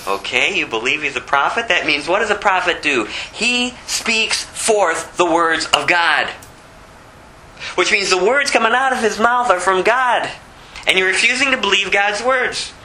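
High, bright-voiced man preaching. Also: expressive, a little hiss or hum, low-quality recording. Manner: swings from low, slow scripture reading to high, emphatic rebuke; repeats phrases for emphasis, chuckles at his own points. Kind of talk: expository sermon.

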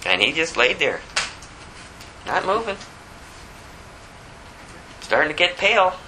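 A man delivers a conversational expository sermon, reading scripture low and dropping into high, pleading prayers. His voice is bright and ringing. A faint ambient hum sits behind him. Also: very animated, slow, low-quality recording. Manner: conversational, with restarts and asides. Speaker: preacher.

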